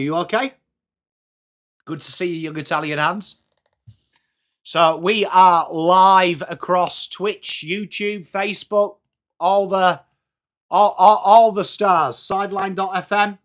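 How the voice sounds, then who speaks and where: An English man hosting a live football watchalong stream, chatty and upbeat, greeting viewers by name, his voice starting to go a little hoarse. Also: high voice, fairly bright tone. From England. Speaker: livestream watchalong host. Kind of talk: live chat reacting to football.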